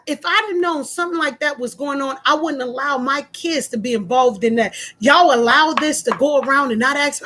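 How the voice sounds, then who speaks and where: Emphatic high-voiced woman telling a story. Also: a bit bright. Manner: emphatic, repeats herself, acts out both sides of a phone call. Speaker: vlogger telling a personal story. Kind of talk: casual storytelling to viewers.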